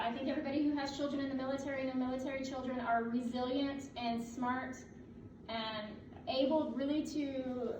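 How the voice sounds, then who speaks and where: A woman in her late thirties, a military officer giving a candid, joking speech at her promotion ceremony and laughing often. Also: fairly high pitch. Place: indoor room at a ceremony. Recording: echoey room, distant mic, noisy background.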